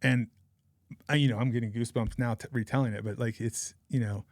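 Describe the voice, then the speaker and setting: Man in his forties, mid-pitched voice, rambling casual storyteller, dry close sound. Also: steady tone, fairly quick, darkish tone, no room sound. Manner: rambling, chatty anecdote-telling with frequent laughs. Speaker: podcast guest.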